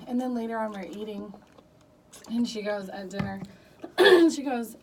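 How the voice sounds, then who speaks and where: A woman's voice: on the high side, normal speed. A woman in her thirties co-hosting a radio show, telling a story in a casual chat with lots of laughter. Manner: animated storytelling, laughing often. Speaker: radio co-host. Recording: distant mic with faint noise.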